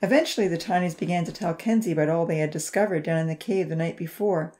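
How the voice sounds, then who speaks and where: A woman reading a children's novel aloud in a calm, even storytelling manner. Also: fairly low pitch, fast talker. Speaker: audiobook narrator. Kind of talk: scripted narration.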